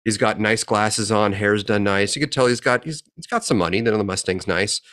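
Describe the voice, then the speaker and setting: A man in his forties telling a profane, animated story in a casual chat as a podcast co-host. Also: fairly low pitch, a little fast. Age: 40s.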